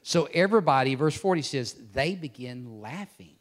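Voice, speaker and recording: A man preaching with real fire, his voice surging loud on key phrases and then dropping low and quiet. He has a mid-range, steady tone with a lilt, and his pitch rises and falls widely as he drives each point home. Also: normal speed. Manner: impassioned, swings from loud emphasis to hushed intensity. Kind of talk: sermon.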